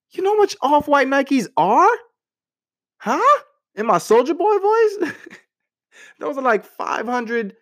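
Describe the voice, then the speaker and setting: A young man casually giving relationship advice to the camera in a playful, slangy way, jumping up in pitch for mock outrage.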